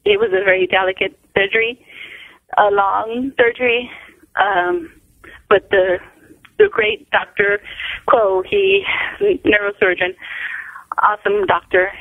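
Middle-aged woman, gravelly voice on a tinny phone line. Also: medium pitch, big pitch swings, unhurried, no echo. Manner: rambling, restarts sentences, acts out quotes. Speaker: interview guest, mother. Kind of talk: telling a family story over the phone. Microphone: telephone.

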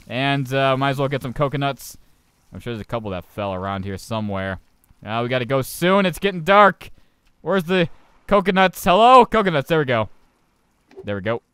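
A young man casually commenting on his own gameplay, swearing and getting loudly panicked when things go wrong. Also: medium pitch, smooth, dry recording. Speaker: gaming channel host. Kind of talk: casual let's play commentary.

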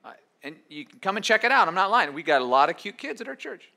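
Middle-aged male pastor, bright and slightly high voice, chatty preaching with playful asides. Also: big pitch swings, vocal fry. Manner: conversational preaching with quick acted asides. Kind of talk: sermon.

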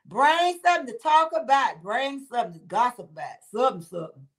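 High-pitched woman chatting on a livestream, laughs a lot, calls everyone honey. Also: very animated, a little fast. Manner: laughs often, calls viewers honey and baby. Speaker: livestream host reading viewer comments. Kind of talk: casual chat with live viewers.

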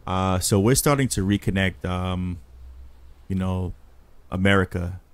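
A man's voice: low-pitched, steady tone, unhurried, no echo. A man hosting his gaming channel, chatting loosely and rambling as he plays. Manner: laid-back, rambling, chatty. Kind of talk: casual gameplay commentary.

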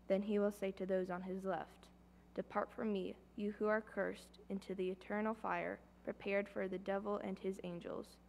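Scripture reader, woman, flat delivery, gravelly, faint hum behind. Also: medium pitch, normal speed. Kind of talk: reading scripture aloud in church.

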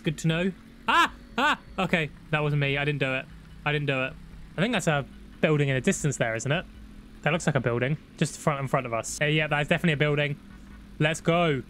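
A young man giving excitable, laddish commentary on a road trip game with friends. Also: fairly high pitch, a little hiss or hum. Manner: excitable, shouts when startled, laddish banter. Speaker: gaming YouTuber. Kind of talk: casual gameplay commentary.

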